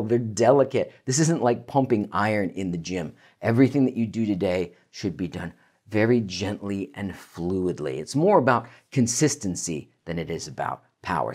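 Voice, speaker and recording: An energetic male voice coach leads a warm-up lesson, his pitch swinging widely as he explains and demonstrates. He talks straight to his listener with an encouraging, hands-on manner. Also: slightly rough. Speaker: voice coach and keynote speaker. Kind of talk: instructional talk to camera.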